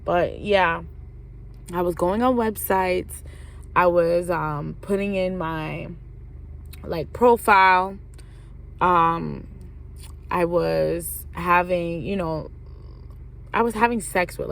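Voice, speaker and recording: A woman's voice: on the low side, animated, slow, vocal fry, pauses often. A young woman telling a personal story in a casual vlog, slangy and profane, with "like" in nearly every sentence. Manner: slangy, profane, fills talk with "like". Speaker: vlogger.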